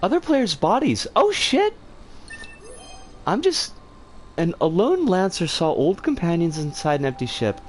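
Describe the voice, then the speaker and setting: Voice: mid-range voice, huge pitch swings, unhurried, long pauses, a little hiss or hum. A streamer giving live gameplay commentary, swearing in exasperated outbursts. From United States. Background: game music.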